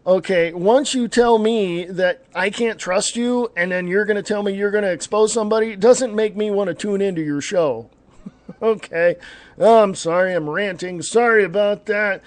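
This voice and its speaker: A talk radio host, a man with a fairly high voice for a man, rants in a blunt, combative way. He rambles and stops to correct himself. He is recorded dry and close to the mic, with no room sound. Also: moderate pace, no room sound. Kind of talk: ranting opinion talk show.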